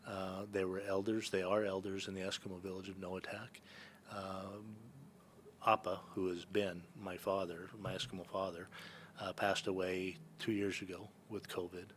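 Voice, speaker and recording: Deep-voiced and level in tone, a man from Northern California speaks at a moderate pace over slight background noise. As a podcast guest who works as an entrepreneur and hunting guide, he tells loose, rambling stories with frequent fillers and restarts.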